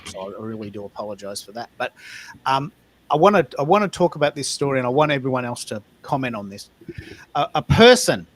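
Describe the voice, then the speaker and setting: A man's voice: medium pitch, no room sound. A man hosting a live audio stream discussion, talking emphatically and repeating words as he restarts. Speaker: host.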